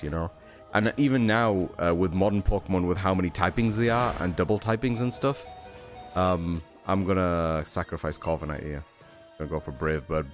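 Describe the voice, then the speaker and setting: Guy streaming a game, kinda low voice, sleepy rambly chat, bit of music in the back. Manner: rambling, filler-heavy, swears casually. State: tired. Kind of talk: casual gameplay commentary.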